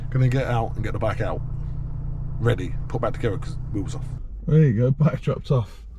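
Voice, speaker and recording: A man's voice: on the low side, lively intonation, brisk, background noise. A man with a Cockney accent, chatting casually in a rambling, grumbling way while vlogging about cycling. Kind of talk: casual vlog chat.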